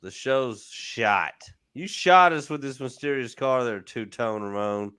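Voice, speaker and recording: A man's voice: medium pitch, unhurried, bright, forceful tone, clean tone. A man hosting a casual talk show who teases his guests and keeps the banter moving. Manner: teasing, bursts into silly mock voices. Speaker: podcast host.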